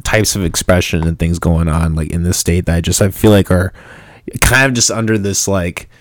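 A man's voice: deep voice, steady tone, moderate pace, no echo, clean studio sound. A young man hosting a podcast in casual chat, laid-back, laughing often and swearing casually. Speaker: podcast host.

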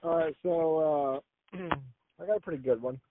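A man's voice: on the high side, measured pace, slight background noise. Rambling Florida man on a tinny line. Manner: rambling, self-correcting with frequent "uh". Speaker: guest storyteller. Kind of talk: casual anecdote. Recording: tinny phone-like line, dry.

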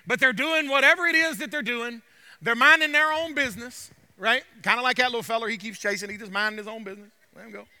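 Male pastor, sharp high voice, preaching that swells to shouts. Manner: preaching, building to loud cries. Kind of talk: sermon. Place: church sanctuary.

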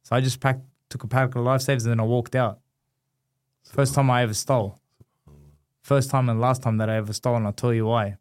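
Man, 30s, animated storyteller, mid-range voice, casual interview guest. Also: medium pitch, a little fast, pauses often. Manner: animated storyteller, acts out dialogue. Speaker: guest, former boxer.

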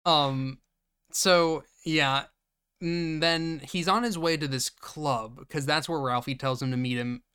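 Bright-voiced young man recapping a movie. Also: fairly high pitch, takes it slowly, clean tone. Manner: laughing, swearing freely. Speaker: podcast host.

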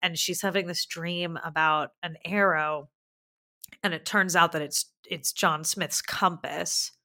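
A woman's voice: fairly low pitch, fairly even intonation, measured pace, sharp tone. A woman co-hosting a casual movie review chat, talking loosely and filling her sentences with "like". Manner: chatty, peppered with "like". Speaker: podcast co-host.

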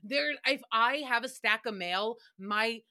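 Bright, animated young woman podcast host. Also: fairly high pitch. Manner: animated, swearing, joking, doing quick voices. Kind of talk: casual recap chat.

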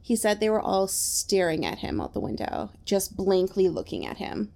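A woman's voice: mid-range voice, big pitch swings, normal speed, gravelly, a little mellow. A woman co-hosting a podcast, casually retelling a strange story with lots of fillers. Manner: chatty, retells events with many fillers like "like". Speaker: podcast co-host telling the story.

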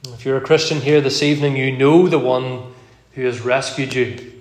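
A man preaching an evening sermon in a measured, earnest way, slowing down to read verses aloud, with an occasional cough. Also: mid-range voice, steady tone, reverberant. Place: church.

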